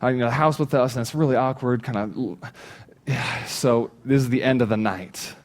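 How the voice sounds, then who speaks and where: A man in his thirties, a pastor giving a sermon, telling a funny personal story and acting out his own shouts. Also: medium pitch, fairly even intonation, moderate pace. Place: church stage.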